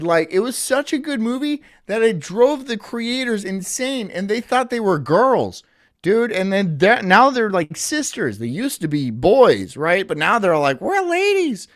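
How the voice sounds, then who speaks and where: A man's voice: high voice, sing-song, unhurried, a bit bright. A man streaming in casual chat, ranting in an incredulous, profane way.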